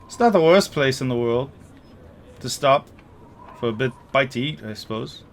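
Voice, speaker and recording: A man's voice: medium pitch, lively intonation, normal speed, background noise, lightly acted. A man voicing a joking woman traveler who asks for passage, speaking in a teasing, offhand way. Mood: agreeable.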